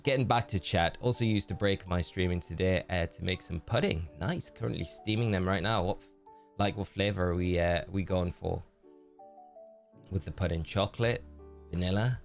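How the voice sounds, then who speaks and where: A man with a deep, low voice chats through his game stream, musing aloud about choices and greeting his viewers by name. Quiet game music plays faintly behind him. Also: moderate pace, creaky. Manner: chatty, thinking aloud, greets chat. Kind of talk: casual game commentary.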